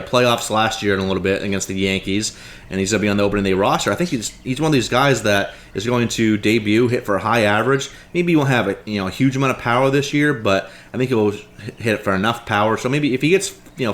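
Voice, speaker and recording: Brief: male guest analyst, lowish voice, casual, stat-heavy, full of "like" and "you know". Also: a bit bright. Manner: rattles off stats, many "like" and "you know" fillers. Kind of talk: casual sports chat.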